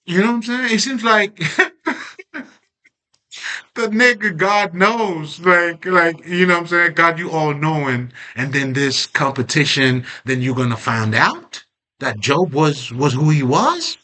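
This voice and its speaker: A man speaking off the cuff in a self-growth monologue, his voice bright and edged. He leans on rhetorical questions and casual swearing, sitting somewhat above the usual male pitch. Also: animated, measured pace. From Haitian background.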